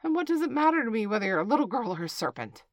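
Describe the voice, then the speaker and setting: A woman voicing a shrill, anxious female pigeon who shrieks and scolds with contempt. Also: big pitch swings, very fast, dry recording. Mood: shrill, accusing.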